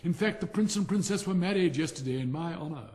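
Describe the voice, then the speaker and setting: Older guy doing a stuck-up lecturing firework rocket, pitch swooping up high, lots of reverb. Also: animated, fast, a little mellow, natural voice. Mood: pompous. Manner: haughty, self-important, lecturing. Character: conceited, pompous boastful firework rocket. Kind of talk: audiobook character reading.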